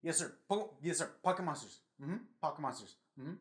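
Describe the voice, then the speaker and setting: A man's voice: a little high, expressive, brisk, pitched below the performer's own voice, lightly acted. A man playing a timid young male studio employee in a comedy sketch. He hesitates, fills gaps with "um" and calls the other man "sir" constantly.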